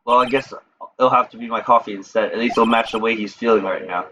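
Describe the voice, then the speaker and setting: A man's voice: medium pitch, fairly even intonation, fast talker, noisy background, natural voice. A man voicing a brooding, coffee-loving prosecutor with a dry, sardonic delivery.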